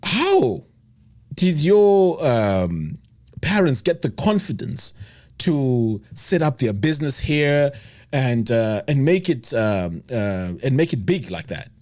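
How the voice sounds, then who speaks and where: A man's voice: medium pitch, very animated, slow, a little mellow. Chatty male live stream host. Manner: chatty, frequent agreeing murmurs. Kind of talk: casual interview chat.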